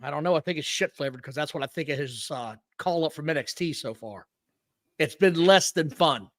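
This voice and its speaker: Fairly high in pitch and brisk, this man's voice comes through poor audio with no echo. He co-hosts a casual wrestling podcast, cursing and speaking bluntly while telling match stories with plenty of energy.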